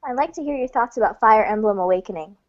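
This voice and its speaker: A woman's voice: on the high side, expressive, quick pace. A woman co-hosting a podcast in casual, giggly chat, on dull lo-fi audio. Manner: giggly, chatty. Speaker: podcast co-host.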